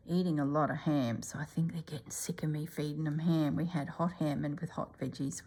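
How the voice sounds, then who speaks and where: Woman, middle-aged, low voice, husky, casual stitching chat, often whispering. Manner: often drops to a soft whisper. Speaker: stitching channel host.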